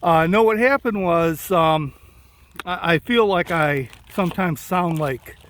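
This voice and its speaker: A man vlogging casually, talking slowly and rambling with a slight lisp, from inside a vehicle. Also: fairly high pitch, fairly bright tone. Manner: slow, rambling, many uh fillers. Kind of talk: casual vlog talk.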